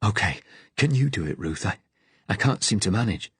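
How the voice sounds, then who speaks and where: A man playing a gruff young Yorkshire lad. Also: animated, normal speed, a bit bright, dry recording, full character voice. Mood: shaken. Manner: low, gruff, impatient. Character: young Yorkshire student, gruff, shaken but protective.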